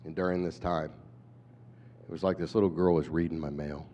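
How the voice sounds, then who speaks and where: A man in his fifties, an animated storyteller who acts out voices, giving a talk at a conference. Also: rumbling low, a little fast, slight background noise. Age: 50s. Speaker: conference speaker. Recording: dull hall recording with long reverb.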